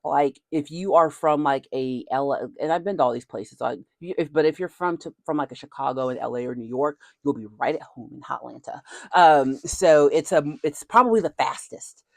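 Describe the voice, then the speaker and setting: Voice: mid-range voice, fairly quick, hardly any pauses, dry recording, studio quality. A channel host from the southern United States with a Southern American accent, rambling in a chatty way with folksy asides. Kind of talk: casual talking-head chat.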